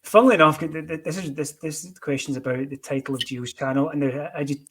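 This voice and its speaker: A man hosting a casual podcast chat, upbeat and quick to praise his guests. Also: fairly high pitch, steady tone, fairly bright tone, slightly rough. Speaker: podcast host.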